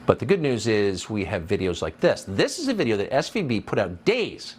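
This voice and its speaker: A man's voice: fairly low pitch, very animated, fairly quick, husky. A man delivering a scripted commentary monologue in a mocking, sarcastic tone.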